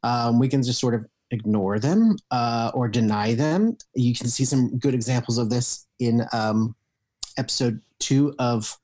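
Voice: medium pitch, measured pace, a little mellow. Talkative podcast guest explaining improv. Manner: explanatory, full of ums, laughs easily. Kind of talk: casual podcast chat.

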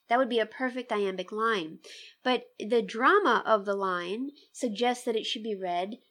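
A woman discussing a poem thoughtfully and reflectively with a colleague, letting her voice soften at the ends of her thoughts. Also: a little high. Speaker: interviewer and literature scholar. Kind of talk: conversational discussion.

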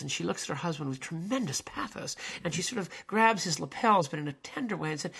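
A man's voice: on the high side, lively intonation, quick pace, vocal fry, hardly any pauses, sharp tone, slightly rough. A man in his seventies hosting a solo podcast, retelling a television episode in an earnest, emphatic way with many hesitations. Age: 70s. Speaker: podcast host.

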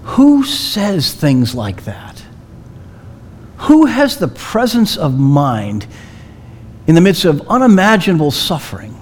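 A man delivers a sermon in a slightly raised voice. He tells the story at a slow, deliberate pace, leaning on long, dramatic pauses. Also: fairly high pitch, a little mellow, breathy edge. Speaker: preacher.

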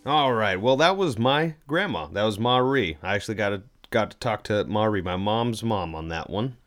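Guy hosting a podcast, lowish voice, goofy and playful. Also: animated, normal speed, fairly bright tone, slight background noise. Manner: jokey, playful, affectionate. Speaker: podcast host. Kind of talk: casual chat.

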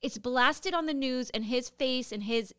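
A woman co-hosting a podcast in casual chat, emphatic and quick to laugh. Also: high voice, fairly bright tone, clear, resonant tone, no room sound, studio quality. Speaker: podcast co-host.

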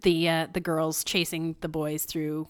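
A woman's voice: low voice, flat delivery, a little slow, clear, resonant tone. A young adult woman hosting a podcast, chatting casually and sardonically with frequent laughs. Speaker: podcast host. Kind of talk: casual chat.

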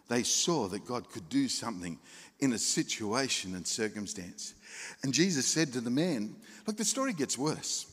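A male pastor, preaching a sermon with animated storytelling, acting out voices and chuckling asides. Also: medium pitch, moderate pace, husky, big-room sound. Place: church hall.

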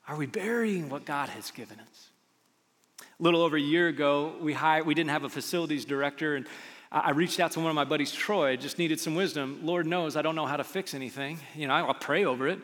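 A man preaching a sermon as a pastor, speaking in a conversational, animated storytelling way with acted quotes. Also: a little high, a little fast, in a large hall. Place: church auditorium.

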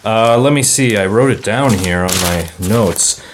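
A man's voice: lowish voice, unhurried, noisy background. A man co-hosting a casual sports podcast, reading listener mail in a laid-back, hesitant way.

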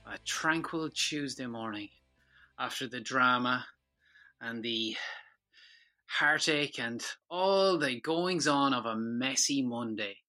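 A man hosting a casual football podcast, chatty and quick to laugh. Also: mid-range voice, sharp tone. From Ireland. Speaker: podcast host.

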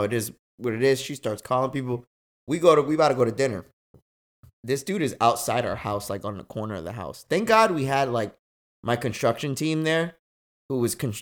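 A young man hosting a podcast, telling a story in casual chat, slangy and animated, swearing freely. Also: mid-range voice. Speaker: podcast host.

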